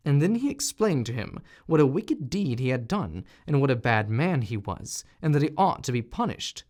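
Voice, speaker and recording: A man narrating a fairy tale audiobook in an expressive, animated reading style. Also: mid-range voice, normal speed, few pauses. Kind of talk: storybook narration.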